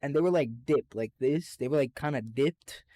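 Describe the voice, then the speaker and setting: A young man co-hosting a podcast, telling a childhood story in an animated, profane way and laughing through it. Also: mid-range voice, normal speed, no room sound. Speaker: podcast co-host. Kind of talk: casual storytelling chat.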